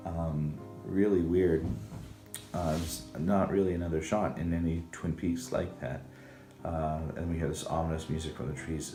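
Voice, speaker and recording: A man's voice: low-pitched, mellow. A man casually recapping a TV episode, rambling with many ums and uhs. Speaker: show recap host. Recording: echoey room with music behind.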